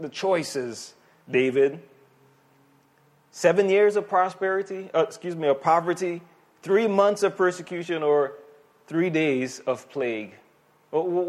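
Emphatic male pastor preaching. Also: fairly high pitch. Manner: animated, emphatic preaching with vivid asides. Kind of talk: sermon.

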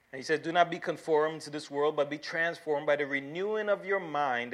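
A man's voice: mid-range voice, fairly bright tone. A man preaching a sermon as pastor, reading scripture and stressing key words with repeated phrases.

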